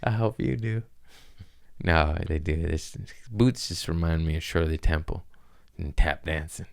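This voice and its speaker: A man's voice: rumbling low, moderate pace, gravelly, no echo, studio quality. A man hosting a podcast, rambling through absurd comic tangents, profane and amused at himself. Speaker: podcast host. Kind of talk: rambling comedic monologue.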